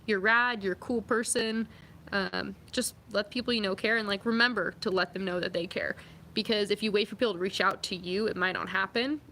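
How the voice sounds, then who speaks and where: A woman's voice: mid-range voice, fairly even intonation, a little fast, bright, forceful tone, a little hiss or hum. A young woman vlogging, chatting casually and reading out viewer comments, upbeat and full of fillers. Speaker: vlogger and athlete.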